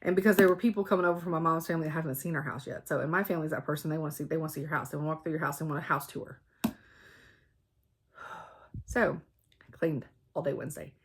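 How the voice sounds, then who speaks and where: A woman's voice: low-pitched, slightly rough. A woman hosting a cross-stitch vlog, chatting casually to camera in a rambling way and laughing often. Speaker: flosstube host.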